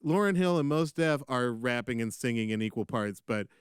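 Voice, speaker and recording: Chatty man, smooth clear voice. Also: medium pitch, a little fast, no room sound, clean studio sound. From Atlanta, USA. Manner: animated, lots of fillers and restarts. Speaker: podcast co-host. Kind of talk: casual music discussion.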